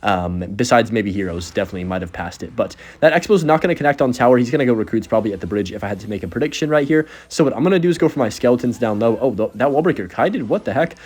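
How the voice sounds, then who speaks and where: A man's voice: mid-range voice, lively intonation, rapid-fire, few pauses, a little mellow. A young man giving casual, joking commentary over his own gameplay, sarcastic and chatty as he narrates each move. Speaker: gaming content creator.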